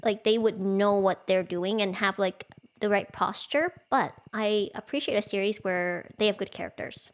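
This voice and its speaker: A woman's voice: medium pitch, moderate pace. Chatty, giggly woman streamer. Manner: chatty, giggly, self-deprecating. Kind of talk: casual chat while streaming a farming game.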